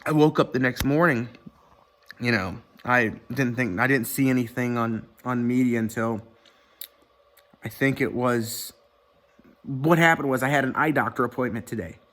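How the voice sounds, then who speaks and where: A man's voice: medium pitch, normal speed, pauses often, a bit bright. Rambling, profane young-sounding man. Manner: rambling, profane, many fillers and restarts. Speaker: vlogger. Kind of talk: casual rambling commentary to camera. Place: indoor room at home. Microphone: webcam or computer mic.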